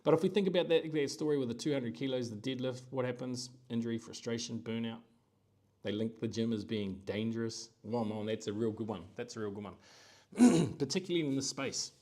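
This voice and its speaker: A man's voice: medium pitch, brisk, a little mellow. A middle-aged man hosting a live-stream, talking casually and animatedly, slipping into quoted voices. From New Zealand. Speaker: host.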